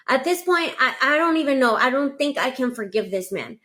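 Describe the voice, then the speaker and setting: Young adult woman, slightly high voice, casual storytelling, animated, acts out quoted dialogue. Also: moderate pace. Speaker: storyteller in a played clip.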